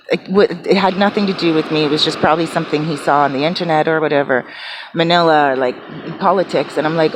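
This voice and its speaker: A woman's voice: low-pitched, quick pace, background noise. A woman vlogging from her small apartment, telling a rambling story full of fillers and restarts. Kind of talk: casual chatty storytelling.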